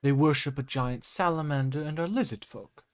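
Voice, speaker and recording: A young man running a tabletop game as game master, with animated, jokey narration. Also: fairly high pitch, normal speed.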